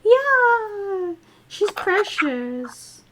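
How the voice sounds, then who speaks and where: A woman's voice: extremely high pitch, sing-song, drawn-out words, crowd noise. A chatty, enthusiastic woman talking casually in a book club, often saying "like". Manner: chatty and enthusiastic, says "like" a lot. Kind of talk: casual group discussion.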